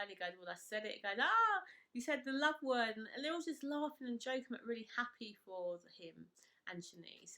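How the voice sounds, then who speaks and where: A woman's voice: mid-range voice, pushed and bright. A woman vlogger chatting casually and enthusiastically as she recaps a reality show, with lots of "kind of, like" fillers.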